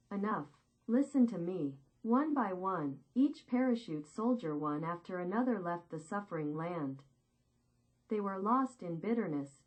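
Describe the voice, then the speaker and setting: Slow, solemn woman narrator. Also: lowish voice, poor audio. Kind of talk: scripted first-person war memoir narration.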